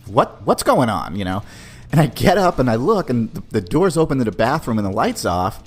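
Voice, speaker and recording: A man's voice: mid-range voice, a little fast, breathy edge. A man hosting a podcast, telling a personal story in a loose, conversational way. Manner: loose, conversational, animated, full of "man" and "you know". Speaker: podcast host.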